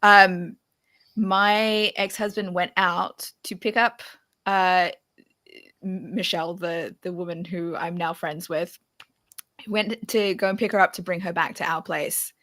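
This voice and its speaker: Bright-voiced, chatty woman. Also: on the low side, fairly even intonation, measured pace. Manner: chatty, laughs often. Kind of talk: casual chat.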